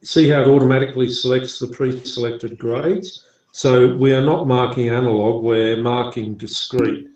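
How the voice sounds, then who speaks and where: A man lecturing in an online class, measured and explanatory with some dry joking. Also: mid-range voice, steady tone, a little mellow, roomy sound, dull audio. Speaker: university lecturer.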